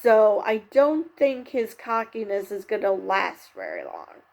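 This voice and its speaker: A woman's voice: medium pitch, huge pitch swings, measured pace, creaky, a little mellow. A woman recapping and reviewing a TV show episode in a candid, chatty way, with lots of fillers and self-corrections. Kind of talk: casual spoken recap and commentary.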